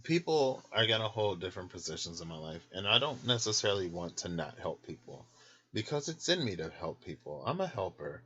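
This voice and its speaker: A man's voice: deep voice, sing-song, a little fast, sharp tone, muffled recording. A man hosting his own channel, rambling candidly and loosely from bed at home, snacking and laughing as he talks. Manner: snacking while talking. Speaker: tarot channel host. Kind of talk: casual late-night rambling vlog.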